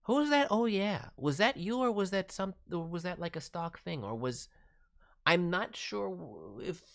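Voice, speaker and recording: A man's voice: sits high, lively intonation, moderate pace, vocal fry, a bit bright. Brief: a casual male streamer giving friendly, rambling critiques of voice acting demos. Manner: friendly, critiques with hesitant restarts, lapses into slang. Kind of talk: casual feedback commentary.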